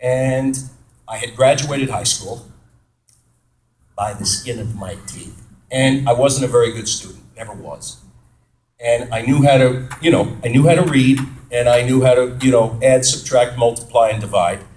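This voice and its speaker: A man from New York State, an actor, telling stories casually to fans at a Q&A. He is chatty and animated, pokes fun at himself, and acts out the voices of people he quotes. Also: medium pitch, normal speed. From New York State, USA. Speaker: actor answering fan questions. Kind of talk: casual storytelling at a Q&A panel. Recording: roomy echo of a hall.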